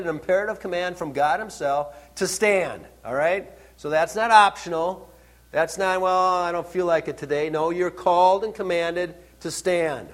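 A man delivering a sermon in a somewhat high voice. He repeats key words, poses questions to his congregation, and moves between hushed, low asides and loud, driving lines. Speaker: pastor. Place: church service.

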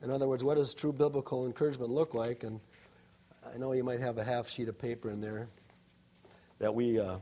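A man's voice: medium pitch, steady tone, brisk, warm tone. A middle-aged male pastor giving a sermon, conversational and humorous, often adding "all right?" to his points.

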